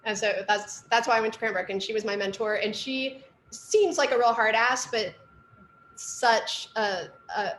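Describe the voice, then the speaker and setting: A woman's voice: mid-range voice, a bit bright, echoey room, a little hiss or hum. A middle-aged woman, an artist and art teacher, giving a casual lecture with lots of asides and fillers. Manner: chatty storytelling with fillers and asides.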